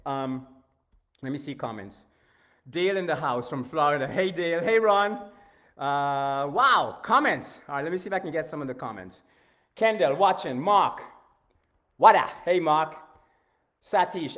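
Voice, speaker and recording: A man teaching martial arts strikes in a live-stream rant, emphatic and animated, shouting out strike sounds and often clearing his throat. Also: on the high side, measured pace, pauses often. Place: home training garage in the backyard.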